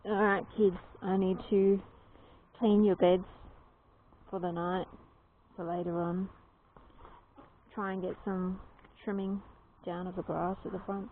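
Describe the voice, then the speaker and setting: An Australian woman rambles unhurriedly about her ducks in a relaxed outdoor vlog. The sound is thin and tinny like a phone recording, with ducks and yard noise clearly behind her. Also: a little slow, long pauses. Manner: chatty, coos to her ducks in a high baby voice. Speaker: duck keeper. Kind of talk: casual vlog narration to camera. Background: ducks quacking, outdoor noise.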